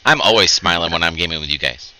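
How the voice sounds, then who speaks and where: Deep, bright-toned male game master. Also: fast, no echo. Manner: relaxed, chuckling, calls out hits and rulings. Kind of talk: running an online tabletop game.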